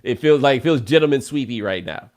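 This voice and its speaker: A man's voice: medium pitch, lively intonation, quick pace, a little mellow. A man hosting a podcast, chatting casually in a playful, teasing way and laughing often. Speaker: podcast host. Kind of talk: casual talk show hosting.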